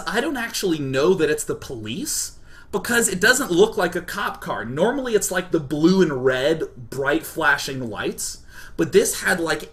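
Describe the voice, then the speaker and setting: Bright-voiced young man telling a funny story. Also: on the high side. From Kansas, United States. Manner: animated, self-deprecating, full of "like" asides. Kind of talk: comedic personal storytelling.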